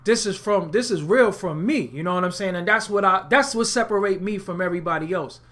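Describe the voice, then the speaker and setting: A man's voice: sits high, a little fast, fairly bright tone. A man from Brooklyn, hosting an unscripted webcast monologue, talking in a profane, streetwise and emphatic way. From Brooklyn, New York. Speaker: webcast host.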